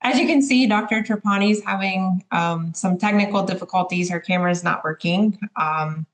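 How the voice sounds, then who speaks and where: A woman's voice: medium pitch, normal speed. A woman moderating a webinar over a video call, introducing the speakers in a casual way with a few fillers. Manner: casual, with fillers and brief apologies.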